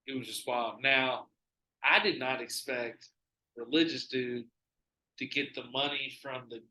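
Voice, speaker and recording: A man hosting a podcast, telling stories in casual chat, animated and full of swearing. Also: medium pitch, roomy sound, rough recording. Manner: animated, profane storytelling. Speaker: podcast host.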